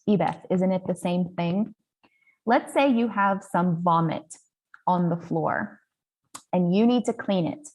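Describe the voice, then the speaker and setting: A woman panelist explaining infection control steps in a measured, instructive way and stressing key points, on a video-call mic. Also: mid-range voice, darkish tone. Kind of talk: explanatory webinar answer.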